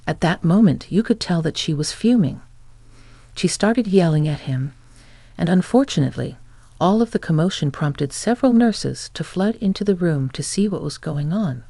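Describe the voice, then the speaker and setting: A woman reading a first-person family drama story in a steady, plain storytelling manner. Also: on the low side, moderate pace, no echo. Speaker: narrator.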